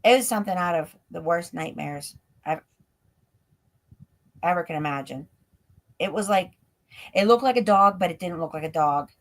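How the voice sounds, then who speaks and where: A woman's voice: lowish voice, normal speed, pauses often. A woman, a guest on a live stream, telling a story in a breathless run-on way that is full of "like". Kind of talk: storytelling in an interview. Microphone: stream call mic.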